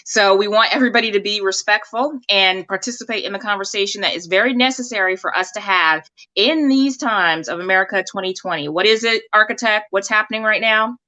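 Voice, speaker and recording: A woman hosts a live-stream talk show in a lively, chatty way. She laughs easily as she talks. Her voice is bright and clear. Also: medium pitch, brisk. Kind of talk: casual live-stream hosting.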